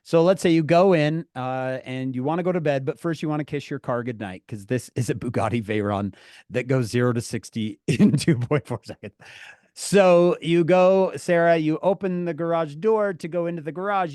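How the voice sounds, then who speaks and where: A man with a slightly high voice leads an online class for teenagers, telling an animated story and jumping into different voices for the dialogue. His voice comes across dry and close, with no room sound around it. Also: moderate pace, smooth, dry recording. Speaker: teacher of teenagers. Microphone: video call.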